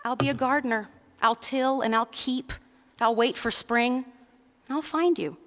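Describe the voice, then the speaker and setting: Woman doing a soothing, high mother rabbit. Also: measured pace, a bit bright, big-room sound. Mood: reassuring. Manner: soothing, reassuring, easygoing. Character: patient loving mother rabbit.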